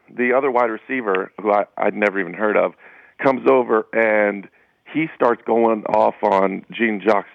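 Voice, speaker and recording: A sports writer, a man, telling a story in a casual, animated way as a guest on a radio interview. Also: fairly low pitch, creaky, dry recording, highs cut off. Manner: casual, anecdotal, animated retelling.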